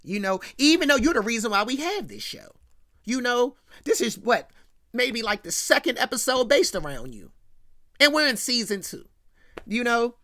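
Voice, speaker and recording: A woman's voice: fairly high pitch, sing-song, normal speed, fairly bright tone. A woman hosting a comedic rant that recaps a sitcom, talking with many fillers and laughing asides. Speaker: host.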